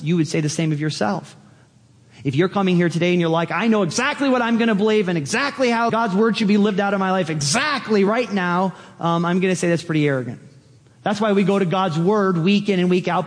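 A man preaching a sermon as pastor, animated, climbing to excited peaks as he drives his point home. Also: a little high, in a large hall.

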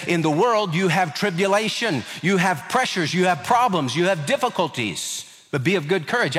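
Animated male preacher in a reverberant hall. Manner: animated, acts out scripture voices with rising pitch. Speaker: pastor. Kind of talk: sermon.

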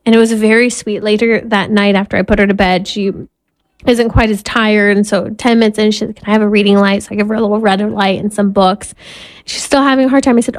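A woman's voice: mid-range voice, steady tone, fast talker, no echo. A woman, probably in her thirties, giving a Catholic faith talk as a mother, earnest and candid, laughing at herself as she tells family stories. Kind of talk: personal faith talk with storytelling.

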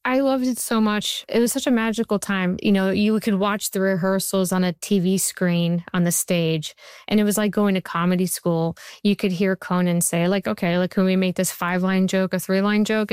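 A woman's voice: mid-range voice, steady tone, normal speed, a little mellow, smooth, no room sound. A woman in her forties, a TV writer, giving chatty interview answers full of stories and fillers. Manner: chatty storyteller, many fillers. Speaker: TV writer and showrunner.

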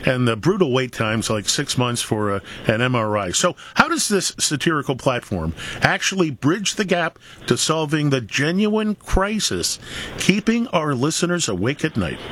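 Radio co-host guy asking questions, steady and measured, bit of hiss behind. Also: fairly high pitch. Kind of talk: talk radio interview questions.

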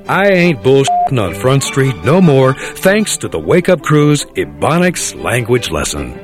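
An actor playing a stuck-up, overly proper man in a comedic film sketch who repeats street slang. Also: mid-range voice.

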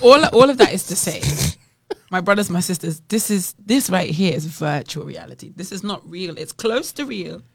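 A woman's voice: lowish voice, animated, normal speed, gravelly, husky, no echo. A woman with a British accent co-hosting a casual Christian chat, teasing and sometimes preachy. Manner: playful, teasing, preachy asides.

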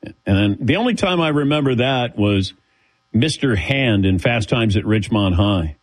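A man's voice: fairly low pitch, lively intonation, normal speed. A middle-aged man hosting a sports talk show, telling stories casually and mocking himself. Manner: chatty storyteller, self-mocking. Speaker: radio host.

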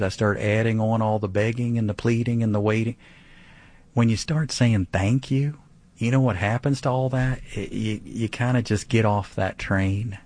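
Male radio Bible teacher, mid-pitched voice, emphatic conversational preaching, dry close studio sound. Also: unhurried, no echo. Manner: earnest, emphatic, repeats phrases for stress.

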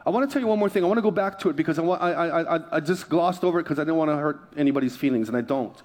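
A pastor with a fairly high voice preaches from a church stage. He tells his story in a loose, conversational way, full of asides and quick laughs. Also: darkish tone. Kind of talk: sermon. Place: church sanctuary.

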